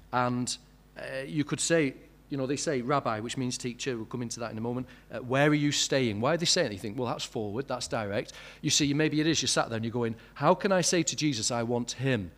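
A man's voice: medium pitch, moderate pace, fairly bright tone. A man preaching a sermon, asking many questions and building to emphatic peaks.

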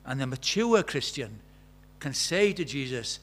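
A man preaching a sermon, conversational and animated, swinging from loud exclamations to quiet, intimate tones. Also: a little high, measured pace, hardly any pauses. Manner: conversational, uses quoted dialogue and filler words.

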